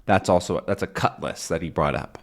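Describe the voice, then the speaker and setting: A man's voice: sits low, a little fast. A man teaching English by explaining a comic to learners, talking loosely with fillers.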